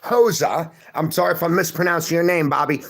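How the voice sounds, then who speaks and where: A man's voice: a little high, fairly quick, vocal fry. A middle-aged man hosting a livestream, reading viewer comments and greeting each person by name in a casual, friendly chat. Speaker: livestream host.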